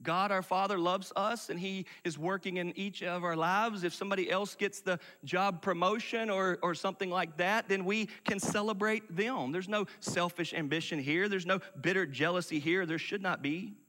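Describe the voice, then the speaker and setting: Bright-voiced male preacher in a hall. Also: high voice, steady tone, moderate pace, hardly any pauses. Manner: emphatic, swings from loud to hushed. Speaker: pastor. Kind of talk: sermon.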